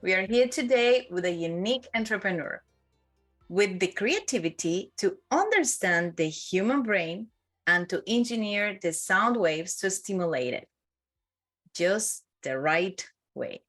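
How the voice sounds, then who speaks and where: A woman hosting a podcast, giving a formal, deliberate introduction of her guest and interviewing him. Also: medium pitch, animated, a bit bright, faint music behind. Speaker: podcast host.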